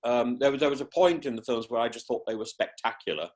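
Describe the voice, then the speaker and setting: A man talking casually as a podcast guest, with a mid-range, ordinary pitch. He is animated and theatrical, keen on playful asides, and trips over his words, restarting and repeating as he thinks aloud. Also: fast talker. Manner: animated, theatrical, breaks into put-on voices. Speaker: podcast guest, professor and former politician. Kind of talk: casual interview chat.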